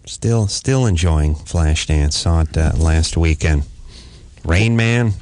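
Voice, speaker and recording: A man with a slightly mellow voice, taking his time, hosts a comic talk radio show. He riffs and jokes with a guest, putting on a mock high voice for quotes.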